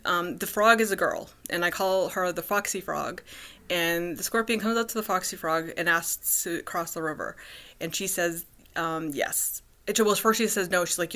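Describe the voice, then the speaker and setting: Woman rambling thru a personal vlog, lots of ums and likes, bright edgy voice. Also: on the low side. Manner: rambling, many fillers and restarts. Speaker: vlogger.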